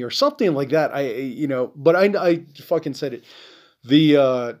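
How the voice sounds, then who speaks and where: A podcast host delivers an angry, profane, rambling monologue packed with "you know" fillers, his voice dropping and trailing off at the ends of phrases. He speaks at a moderate pace with a medium-pitched, darkish voice.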